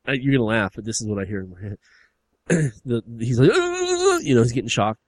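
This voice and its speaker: A man's voice: lowish voice, brisk, breathy edge, no room sound. A man in casual conversation, eagerly jumping in with his own ideas. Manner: eager, jumps in. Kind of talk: casual chat.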